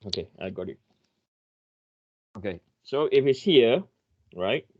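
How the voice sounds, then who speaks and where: Animated male lecturer, lo-fi audio. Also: mid-range voice, a little slow. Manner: apologetic, thinks aloud, restarts. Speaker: engineering lecturer. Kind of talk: online class explanation.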